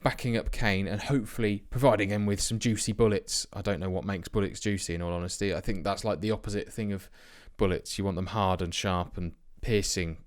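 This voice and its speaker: A young man casually commentating his football management game, chatty and self-mocking, with sudden bursts of excitement. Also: fairly low pitch, fairly quick, few pauses. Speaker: let's play host.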